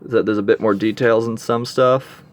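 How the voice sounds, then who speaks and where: A man's voice: fairly low pitch, steady tone, moderate pace. A man casually reviewing a comic book, rambling with many fillers and restarts as he reads through it aloud.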